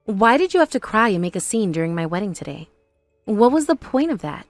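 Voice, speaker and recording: A woman voicing a patient young bride in an animated story, calm, earnest and reasoning. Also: medium pitch, fairly quick, no echo, soft background music, natural voice.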